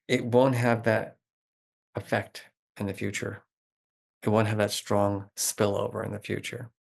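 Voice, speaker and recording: A middle-aged man talking as a guest expert in an interview, animated and explanatory, with lots of "like" fillers. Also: on the low side, gravelly. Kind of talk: conversational interview.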